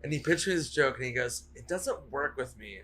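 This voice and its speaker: Bright-voiced man telling comedy stories. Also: mid-range voice, animated, brisk, slight background noise. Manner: rambling storyteller, laughs through punchlines, swears. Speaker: comedian guest. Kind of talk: casual podcast chat.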